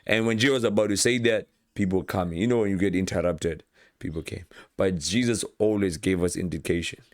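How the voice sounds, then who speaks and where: A man delivers an informal sermon in a very deep voice. He retells Bible stories with lively acted-out quotes and often repeats himself as he builds a point. The sound is dry and close. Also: brisk, no echo. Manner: animated, acts out Bible scenes with quoted voices, repeats words. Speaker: preacher.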